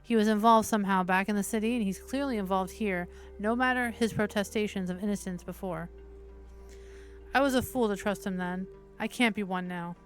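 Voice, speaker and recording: A woman's voice: medium pitch, fairly quick, faint music behind. Woman reading a visual novel aloud. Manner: steady narration broken by casual swearing asides. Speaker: streamer, host.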